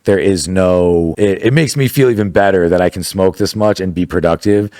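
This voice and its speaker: Young man, low pitch, very dry close sound, laid-back, rambling, lots of swearing, podcast studio. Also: moderate pace, a little mellow, no room sound. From United States. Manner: laid-back, rambling, heavy filler and profanity. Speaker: guest, business owner. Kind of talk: casual podcast chat.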